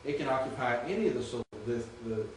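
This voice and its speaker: A Greek teacher gives a classroom lecture, patiently and often checking that his students follow. His mid-range voice is expressive and racing, captured from afar in an echoey room with a slight hiss or hum.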